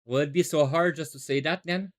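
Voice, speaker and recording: A man's voice: fairly high pitch, a little fast, natural voice. A man doing an exasperated young lawyer.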